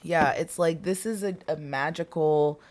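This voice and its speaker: A woman's voice: deep voice, unhurried, a little mellow. A woman reading tarot cards for her viewers in a casual, chatty way. She talks emphatically, repeats herself, and swears freely. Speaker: tarot reader.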